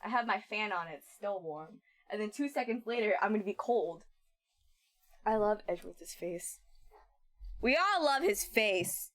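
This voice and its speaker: A young adult woman streaming a game in casual chat, animated and giggly, swearing freely into a desk microphone. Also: medium pitch, unhurried.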